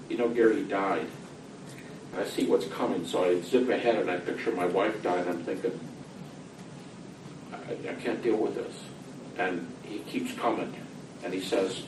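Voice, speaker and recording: A man's voice: low voice, fairly even intonation, measured pace, pauses often, roomy sound, far from the mic, background noise. A middle-aged man speaking earnestly and acting out a dialogue with God. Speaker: speaker recounting personal grief. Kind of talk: reflective talk.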